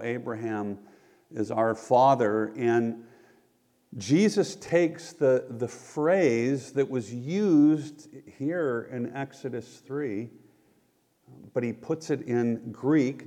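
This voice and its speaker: Slow, mellow-voiced pastor preaching in a hall. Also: male voice, medium pitch. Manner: earnest, measured preaching with quoted asides. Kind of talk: sermon. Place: church sanctuary. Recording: long reverb of a large hall.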